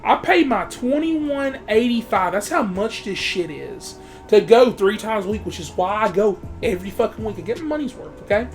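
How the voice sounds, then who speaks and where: Over faint background music, a man with a high, animated voice reviews a movie at normal speed. It's a heated, profane ranting monologue, full of heavy swearing and addressed straight to his viewers.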